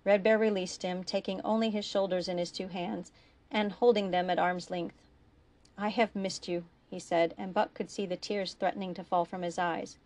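A woman reading her own fiction aloud in a steady, expressive storytelling voice. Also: lowish voice, moderate pace.

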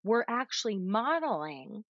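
A woman parenting coach giving advice in casual conversation, animated, demonstrating calming breaths with audible sighs. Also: mid-range voice, unhurried, dry recording, dull audio.

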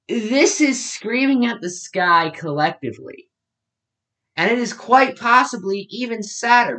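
A man's voice: a little high, pushed and bright. A man giving blunt, mocking commentary on forum posts. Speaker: online commentator.

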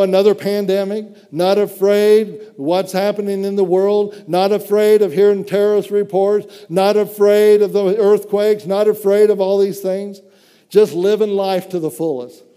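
Man, preacher, sermon, fervent, high voice, long hall reverb. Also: mellow, smooth. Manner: fervent, exclaiming praise between phrases.

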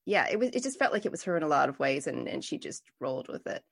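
Low-pitched and husky with vocal fry, this woman talks fast in a sing-song manner. As host of a podcast interview, she is warmly enthusiastic in conversation and tends to restart what she's saying.

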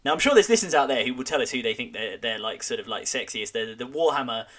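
A man's voice: mid-range voice, lively intonation, fast, a bit bright. A man co-hosting a podcast, telling rambling, anecdotal stories in casual chat. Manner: rambling, anecdotal, self-correcting. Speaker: podcast host.

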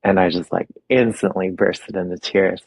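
A young adult man being interviewed, telling personal stories openly and with feeling, with soft laughs now and then. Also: deep voice, steady tone, normal speed, creaky, breathy edge, dry recording. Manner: open, emotional storytelling with soft laughs. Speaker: guest, makeup artist. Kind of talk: casual interview.

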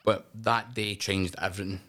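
A middle-aged Scottish man with a slightly low voice, chatting on a podcast. He tells animated stories, swears freely and often breaks into laughter. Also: normal speed. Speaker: wrestling promotion owner, guest. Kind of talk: casual podcast chat.

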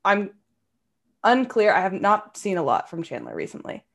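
A woman guest in a casual podcast chat, relaxed and agreeable. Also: medium pitch, normal speed. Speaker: guest athlete.

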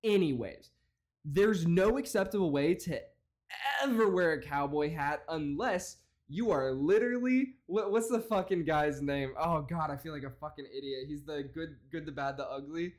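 A man's voice: on the high side, expressive, normal speed, darkish tone. A man hosting a comedy podcast, ranting and mocking with lots of swearing and laughter. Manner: profane, mocking, laughs a lot. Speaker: podcast host.

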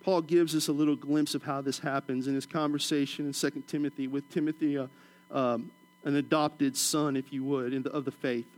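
A middle-aged man from Washington, D.C., preaching a sermon, telling stories with humorous asides and dropping to a soft, low voice for emphasis. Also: flat delivery, brisk. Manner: storytelling with humorous asides and chuckles.

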